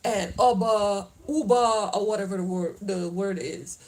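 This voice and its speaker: Her voice is medium-pitched, a little slow and slightly mellow, captured in low-quality audio. She's a middle-aged lifestyle vlogger from the Caribbean, with a Caribbean accent tinged by the Southern US, laughing frequently as she chats loosely with viewers outdoors and then on the way home.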